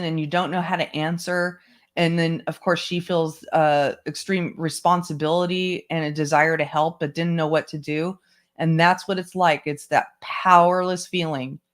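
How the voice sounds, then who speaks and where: A book club host reading a memoir aloud at a measured pace, with brief asides to listeners. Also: mid-range voice, a bit bright. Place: home setup, online stream.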